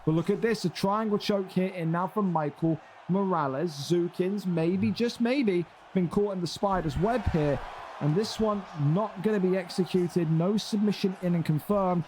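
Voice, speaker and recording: A young man doing play-by-play commentary on a fight game, excitable and climbing high and loud on big moments. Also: moderate pace, a little hiss or hum.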